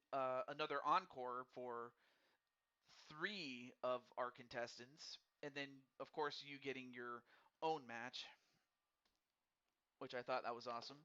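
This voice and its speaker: His mid-range voice is bright, smooth and forceful as he hosts a live wrestling game stream. Casual and friendly, he addresses viewers directly, often stammering and repeating words while thinking aloud, all on a dull lo-fi recording.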